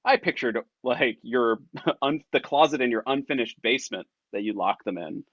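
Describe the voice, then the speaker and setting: Man, mid pitch, incredulous, teasing, swears, improv comedy, dry muffled sound. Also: animated, normal speed, a bit bright, no room sound. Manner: incredulous, teasing, blunt and profane. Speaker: improv performer.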